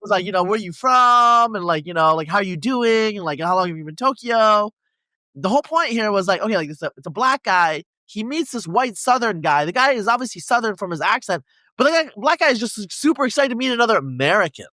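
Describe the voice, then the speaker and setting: Male podcast host, high bright voice, rambling and filler-heavy, dry sound. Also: lively intonation, quick pace, no room sound. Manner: rambling, many fillers and restarts. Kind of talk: conversational interview.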